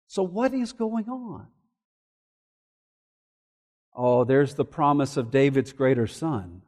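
A man preaching a sermon, switching between emphatic declarations and quiet asides. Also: mid-range voice, expressive, takes it slowly, long pauses, in a large hall. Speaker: pastor.

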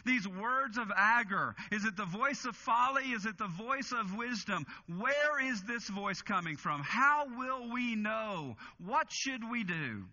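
Bright-voiced pastor preaching, lo-fi. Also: male voice, sits high, expressive. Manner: earnest, slows and stresses key phrases. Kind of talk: expository sermon.

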